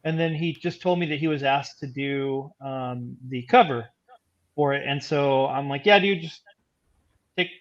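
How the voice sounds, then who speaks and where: Man on a dull, lo-fi line. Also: mid-range voice. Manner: halting, laid-back, hesitant. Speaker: comic book writer, co-host. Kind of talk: casual chat.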